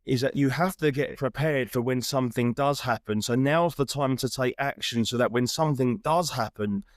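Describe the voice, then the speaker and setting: A man's voice: mid-range voice, moderate pace, no room sound, studio quality. A man hosting an interview podcast, talking in an earnest, encouraging way and often restarting his sentences. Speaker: podcast host. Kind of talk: reflective interview chat.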